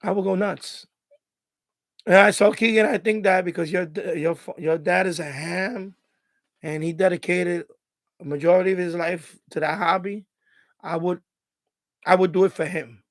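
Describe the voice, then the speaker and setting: Middle-aged guy streaming from home, high voice, choked up and rambling, dry close sound. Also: fairly even intonation, normal speed, no room sound. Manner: emotional, choked up, rambling with restarts. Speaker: live stream host. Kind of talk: casual live stream chat.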